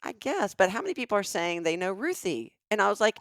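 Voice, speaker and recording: A woman's voice: medium pitch, fast talker, no room sound, studio quality. A middle-aged Southern woman with a Southern US accent, a podcast co-host telling a comedic story and acting out the voices of the people in it. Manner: animated, acts out the dialogue of people in her stories.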